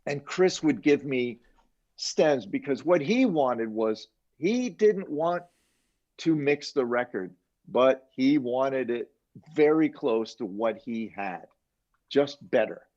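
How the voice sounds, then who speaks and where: Older man telling animated studio stories. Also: mid-range voice, slow pace. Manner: animated anecdotes, quoting others, chuckling. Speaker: mixing engineer guest. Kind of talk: casual interview storytelling. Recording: dull lo-fi sound.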